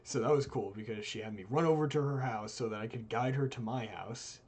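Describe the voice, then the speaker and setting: A young man, co-host of a live stream, casually telling a personal story and acting out his friends' lines. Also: a little fast. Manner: animated, voices quoted friends with big jumps in pitch.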